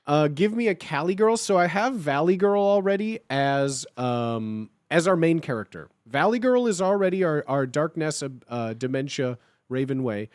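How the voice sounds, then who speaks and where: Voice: mid-range voice, expressive, moderate pace, smooth, dry recording, clean studio sound. Reassuring, repetitive livestreamer in casual chat. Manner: reassuring, repeats itself, blunt and joking.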